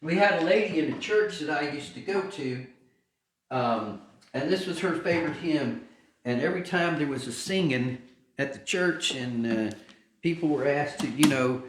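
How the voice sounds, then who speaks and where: A man hosting a weekly gospel livestream, talking softly and devotionally to viewers, with frequent filler words. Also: medium pitch, breathy edge. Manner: soft-spoken, unhurried, many filler words. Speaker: gospel singer and livestream host. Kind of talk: casual devotional talk. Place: home livestream.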